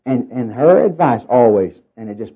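A middle-aged Southern US preacher with a nasal tone speaks at a medium pitch. He tells his sermon as a folksy, rambling story with easy self-deprecating humor. The recording is dull and lo-fi, like an old sermon tape. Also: animated, normal speed, slightly rough. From Oklahoma, raised in Arkansas.

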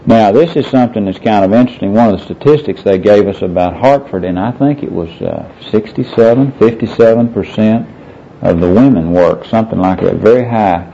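Low, mellow-voiced man teaching the Bible. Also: a little fast, slight background noise. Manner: earnest, quotes scripture with verse numbers. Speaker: Bible teacher leading a discussion. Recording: muffled lo-fi recording.

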